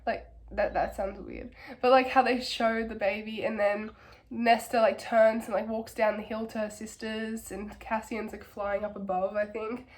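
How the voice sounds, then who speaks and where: A hoarse young woman with a cold, rambling enthusiastically through a casual book review and filling her talk with "like". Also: a little high, fairly even intonation, moderate pace. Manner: rambling, filler-heavy, enthusiastic.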